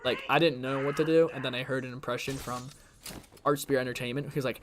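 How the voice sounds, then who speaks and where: Speaking fast in a steady, medium-pitched voice, a young gaming challenge streamer rambles through self-deprecating commentary while he plays. He's chatty and hops between subjects, and there's a slight strain in his throat.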